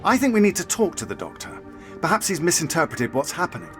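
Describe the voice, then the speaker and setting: A possessed officer. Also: male voice, on the high side, wildly swooping pitch, quick pace. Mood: desperate. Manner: pleading, then cold and commanding. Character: military officer used as a mouthpiece by a menacing presence. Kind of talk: audio drama acting. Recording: loud music score under the voice.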